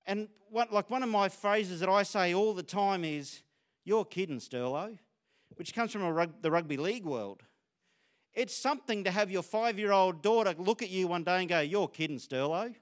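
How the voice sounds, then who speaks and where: High-voiced Australian man preaching. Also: moderate pace. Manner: conversational, storytelling, self-disclosing. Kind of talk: sermon.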